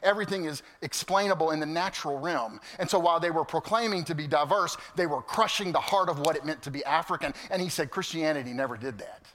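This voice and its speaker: A man preaching a sermon to his congregation, animated and storytelling, swinging from loud to hushed. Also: fairly high pitch, fast, hardly any pauses. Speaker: pastor. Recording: long hall reverb.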